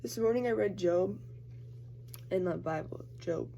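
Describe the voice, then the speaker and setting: In a muffled recording with slight background noise, a young woman's fairly low, creaky, dark voice moves at a measured pace. The college student vlogs casually while getting ready, chatting away, saying "like" constantly and voicing the people she quotes.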